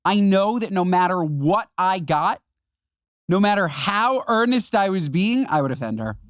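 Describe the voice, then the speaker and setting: A man's voice: sits high, lively intonation, measured pace, clean tone, dry recording, studio quality. A man co-hosting a podcast, riffing emphatically and exaggerating for comic effect. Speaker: podcast co-host. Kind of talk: casual chat.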